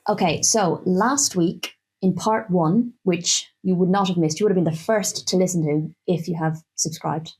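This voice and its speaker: A woman's voice: on the low side, normal speed, hardly any pauses, darkish tone, husky, soft background music. A woman co-hosting a casual football podcast, chatty and loose with plenty of filler words. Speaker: podcast co-host.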